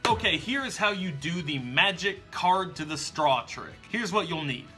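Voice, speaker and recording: Male tutorial host, bright and slightly high, upbeat step-by-step explainer. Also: lively intonation, moderate pace, faint music behind. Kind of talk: instructional demonstration.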